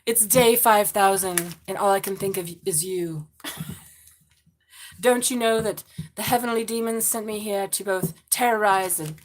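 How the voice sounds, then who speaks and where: A woman voicing a breathy, seductive lover reciting a love letter. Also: mid-range voice, measured pace, slight background noise, lightly acted, rough recording. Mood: sultry.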